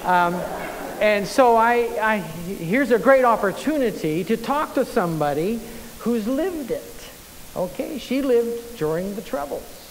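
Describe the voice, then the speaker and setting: Animated preacher, man. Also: high voice, measured pace. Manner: animated storyteller, frequent restarts. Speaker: pastor. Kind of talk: sermon with personal anecdote. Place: church sanctuary. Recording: long church reverb, faint hiss.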